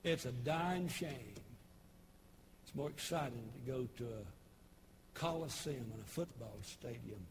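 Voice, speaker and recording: A pastor in his sixties with a Tennessee Southern accent, preaching a folksy, humorous sermon with homespun storytelling and sudden shouted bursts. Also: mid-range voice, slow, vocal fry, slight background noise. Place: church service broadcast on television.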